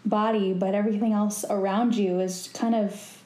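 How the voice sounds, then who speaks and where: A woman co-hosting a podcast, chatting in a relaxed way and laughing along. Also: medium pitch, moderate pace. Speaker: podcast co-host. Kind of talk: casual chat. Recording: echoey room.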